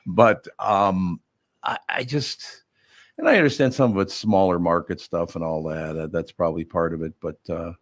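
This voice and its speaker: Older male host, low-pitched, dry close mic, loose and self-mocking delivery. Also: moderate pace, no room sound. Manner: rambling, wry, self-mocking. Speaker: radio show host. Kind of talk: casual chat.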